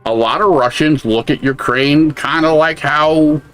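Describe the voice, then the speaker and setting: An American man co-hosts a podcast, offering blunt, casual commentary packed with swearing. His voice is a little high and a bit bright, unhurried, with soft music playing behind him.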